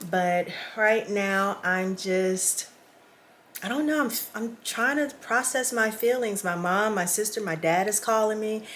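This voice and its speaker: A woman vlogger speaks casually to camera from a small indoor guest room, emotional and close to tears as she talks directly with her viewers. Her mid-range voice is a bit bright and a little slow, with a little hiss or hum in the audio.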